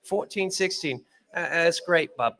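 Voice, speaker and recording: A man's voice: fairly high pitch, pushed and bright. A man doing a put-on English accent, playing a sneering sports snob who drags out his scorn. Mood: mock disdain. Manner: scornful, drawn-out mockery. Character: mock-posh English sports snob, male.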